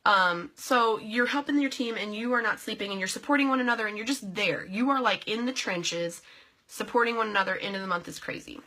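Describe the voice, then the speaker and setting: During a relaxed live video chat, this young vlogger and direct sales team leader stays bubbly and goofy, calling out viewers by name. Her mid-range voice sounds brisk, bright and forceful.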